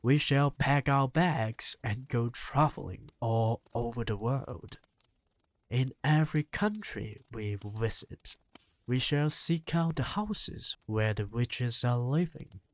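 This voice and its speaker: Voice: medium pitch, takes it slowly, no room sound, natural voice. A reader voicing a spirited, bossy old grandmother in an audiobook, talking impatiently and rousingly. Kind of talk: audiobook reading.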